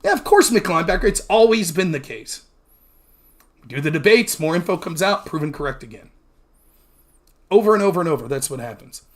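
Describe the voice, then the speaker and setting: Animated, argumentative male talk host. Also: fairly high pitch, fairly quick, long pauses. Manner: argumentative, mimics opponents mid-sentence; profane and emphatic. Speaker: political talk show host. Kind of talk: heated debate recap monologue.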